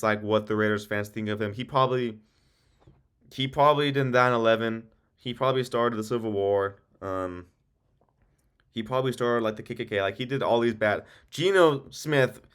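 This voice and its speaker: A young man with a fairly low, clear, resonant voice hosts a sports video, giving casual, rambling football commentary. He swears often, fills his talk with ums, and keeps working himself up into heated, profane rants.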